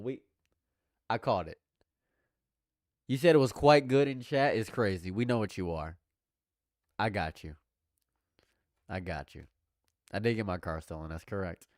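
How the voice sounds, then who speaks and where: A young man doing live reaction commentary, jumping between loud exclamations and low repeated mutters while bantering with his chat. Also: no echo, studio quality. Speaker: livestream commentator.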